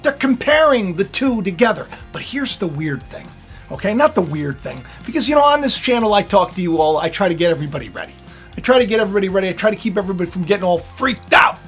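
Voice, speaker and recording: A man hosts a spiritual vlog and talks straight to his viewers in a loose, rambling monologue. He stumbles through fillers and restarts, dropping to low murmurs and then jumping up into sudden loud bursts. Soft music plays faintly behind him. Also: big pitch swings, fast talker. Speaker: spiritual video host.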